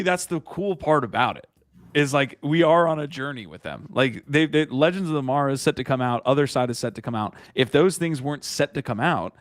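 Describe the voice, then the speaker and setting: A man's voice: medium pitch, dry recording, studio quality. A man hosting a casual podcast who rambles, restarts his sentences and laughs as he talks. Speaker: podcast host. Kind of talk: casual chat.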